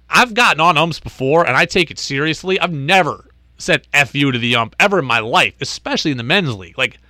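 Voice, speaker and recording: Animated male sports talk host. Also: a little high, no room sound. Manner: animated, exasperated storyteller.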